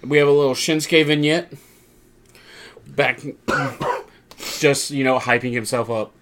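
A man casually recapping a wrestling show as podcast co-host, rambling and acting out quotes in lively voices. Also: medium pitch, a little slow, background noise.

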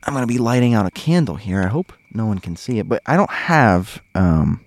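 Animated low-voiced man hosting a podcast. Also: brisk, no echo. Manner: animated, talks straight to listeners, chuckles often. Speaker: podcast host. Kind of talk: casual storytelling chat.

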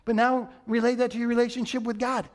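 A man's voice: extremely high pitch, level tone, fast talker. A male pastor preaching a sermon in a conversational way, repeating phrases for emphasis.

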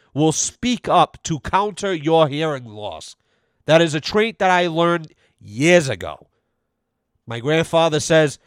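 This podcast host speaks with a slightly high, fairly bright voice, captured dry and clean in a studio. He tells a long, rambling, profanity-laced story in a casual rant, imitating the voices of the people he quotes.

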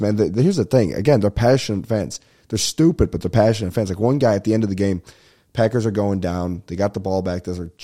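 Young dude ranting solo on his podcast mic, kinda low voice, mellow tone, swears constantly and rambles. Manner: profane, rambling, animated storytelling. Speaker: podcast host. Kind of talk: casual solo podcast rant. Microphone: podcast microphone at a desk.

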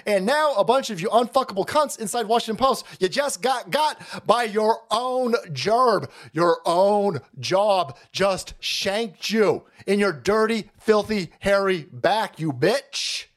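A man hosting a profane political livestream, his voice sitting a bit high for a man and swinging widely in pitch. He mocks his targets crudely and reads viewer messages aloud. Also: very animated, a little slow. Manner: crude, mocking, puts on voices for quotes. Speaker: livestream host. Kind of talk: profane political rant stream.

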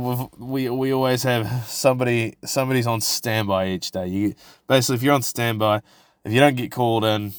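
A man's voice: mid-range voice, no room sound, studio quality. A man hosting a podcast, telling a work story in a rambling, profane way, with many restarts and fillers. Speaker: podcast host. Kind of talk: casual storytelling monologue.

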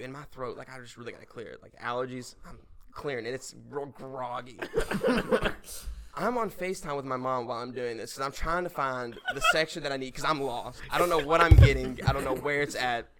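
A young man, a podcast guest, telling a story in casual chat, animated and swearing, laughing as he goes. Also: mid-range voice, moderate pace. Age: young adult.

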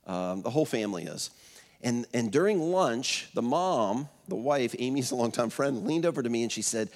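A man's voice: medium pitch, animated, moderate pace. A man in his fifties preaching a sermon as pastor, telling stories in a conversational way, with many fillers and restarts. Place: church auditorium. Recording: long hall reverb.

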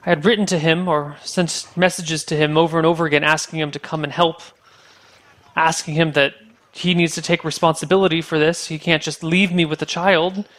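A man voicing a young village mother, halting and stammering as she pleads about her stolen baby. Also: on the high side, level tone, a bit bright, lightly acted. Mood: distressed.

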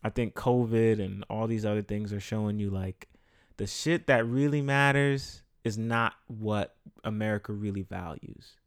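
A man's voice: on the low side, normal speed, smooth, no echo, clean studio sound. A man hosting his own podcast, talking alone in a loose, conversational way with many "um"s and frequent swearing. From Bronx, New York. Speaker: podcast host. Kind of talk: casual solo podcast monologue.

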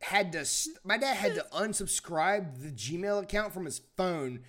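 This is a young man running a casual podcast, his voice pitched high and bouncing wildly as he tells stories. He curses constantly and animates every line, talking crudely and loosely with his friends. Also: animated, measured pace, fairly bright tone. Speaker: podcast host. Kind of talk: casual chat.

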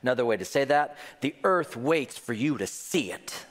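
Man preaching, lively swooping voice, long hall echo, rhetorical questions. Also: medium pitch, moderate pace. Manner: jokes with the congregation. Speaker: pastor. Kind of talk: sermon.

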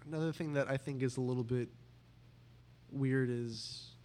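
Two brothers trade jokes on a home podcast. This young man speaks in a middle-pitched voice, circling his points with lots of false starts and restarts. He teases his sibling with dry sarcasm. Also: fairly even intonation, moderate pace, a little mellow, slight background noise. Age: young adult. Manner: rambling, many restarts, dry sarcastic teasing. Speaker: podcast host. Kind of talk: casual sibling chat.

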